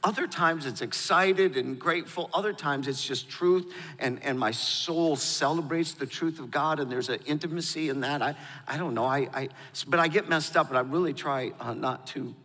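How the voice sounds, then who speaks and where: Emotional middle-aged man, bright voice. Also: on the high side, moderate pace, few pauses, big-room sound. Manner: emotional, hesitant, many restarts. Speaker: pastor. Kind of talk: interview guest, personal storytelling.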